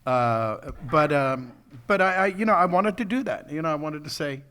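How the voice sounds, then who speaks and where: A man's voice: fairly high pitch, lively intonation, moderate pace, pushed and bright, clean tone. An older man, a voice actor guest at a convention panel, telling rambling stories and chuckling often.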